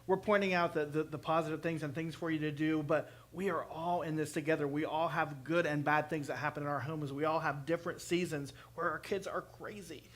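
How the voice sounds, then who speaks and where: A man's voice: fairly high pitch, steady tone, fairly quick, few pauses, a bit bright. A man on a church parenting panel, speaking earnestly and with emphasis. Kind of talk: church panel talk and closing prayer.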